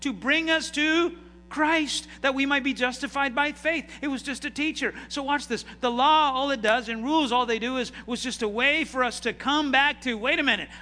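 Soft background music plays as a pastor with a bright, high voice preaches at a moderate pace, pulling his congregation into call-and-response and moving between loud bursts and hushed lines. The church hall is reverberant, with a faint hum underneath.

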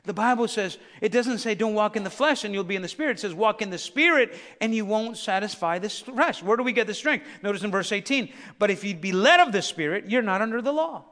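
High bright-voiced guy preaching a sermon, shouts and calls to the crowd, echoey church. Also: lively intonation, a little fast, few pauses. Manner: preaching with rising shouts and call-and-response. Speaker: pastor. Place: church sanctuary. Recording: long reverb of a church hall.

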